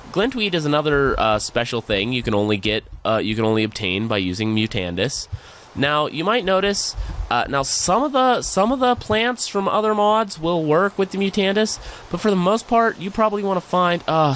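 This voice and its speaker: Animated man commenting on gameplay. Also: fairly high pitch, measured pace. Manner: chatty, excitable, groans and cheers at the game. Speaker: gaming channel host. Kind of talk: let's play commentary.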